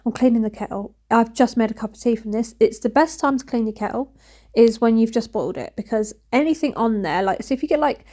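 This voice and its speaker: A woman's voice: fairly high pitch, brisk, mellow. A woman in her thirties, chatting frankly and rambling as she narrates her home cleaning. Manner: rambling, frank, self-mocking. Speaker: cleaning vlogger. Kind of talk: casual chatty voice-over while cleaning.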